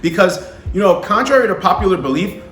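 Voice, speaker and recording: A man's voice: high-pitched, animated, a little fast, a bit bright. A young man talking casually to camera about dating, slangy and profane, often asking the listener if they understand. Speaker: vlogger giving dating advice to men. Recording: echoey room with faint music.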